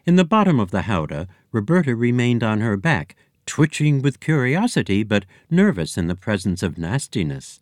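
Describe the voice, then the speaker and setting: A man reading a children's story aloud as narrator, with expressive storytelling. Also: medium pitch, moderate pace, few pauses, no echo, studio quality. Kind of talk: audiobook narration.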